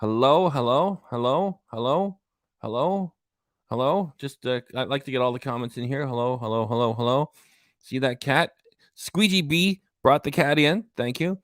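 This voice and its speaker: A man's voice: medium pitch, moderate pace, no echo. Man, livestream host, rambling, lots of uhs, reads out comments, dry close sound. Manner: rambling, many uhs and restarts, reading out commenters.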